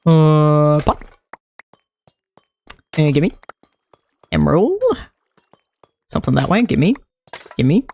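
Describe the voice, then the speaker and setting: In a loose, casual commentary, a streamer works through a game at an unhurried pace, thinking aloud and muttering to themself. Their middling, slightly mellow voice swings widely in pitch.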